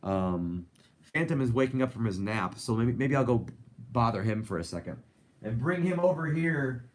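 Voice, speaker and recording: A man's voice: mid-range voice, lively intonation, moderate pace. A young man hosting a casual live stream. He rambles and reads viewer comments aloud. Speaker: host.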